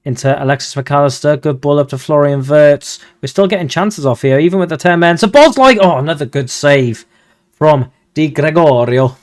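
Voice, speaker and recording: A man giving casual, excitable commentary over a football management game, swearing when he gets frustrated. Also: on the high side, moderate pace. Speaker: video game streamer.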